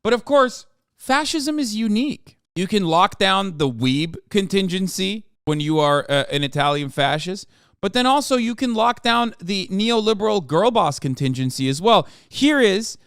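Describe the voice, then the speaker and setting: Brief: sarcastic male streamer in his thirties, smooth voice, dry close sound. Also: high-pitched, expressive, normal speed, a bit bright, no echo. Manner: sarcastic, profane, rambling. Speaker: streamer reacting to news. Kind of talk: casual political commentary.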